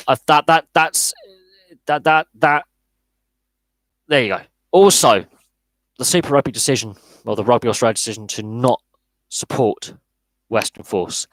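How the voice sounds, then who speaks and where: A man's voice: medium pitch, expressive, normal speed, long pauses, dry recording, poor audio. Blunt man in a dry room. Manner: blunt, repeats words and restarts often. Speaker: sports podcast host. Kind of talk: live podcast Q&A, casual opinionated chat.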